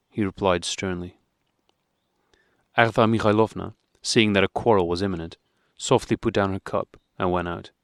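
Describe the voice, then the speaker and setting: A man narrating a classic novel as an audiobook in a measured, even way. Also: fairly low pitch, creaky, no room sound, studio quality.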